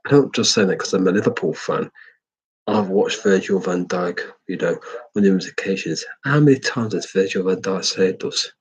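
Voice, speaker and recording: English man, deep raspy voice, opinionated fan doing a casual match review. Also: moderate pace, low-quality recording. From England. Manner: rambling, opinionated, swears freely.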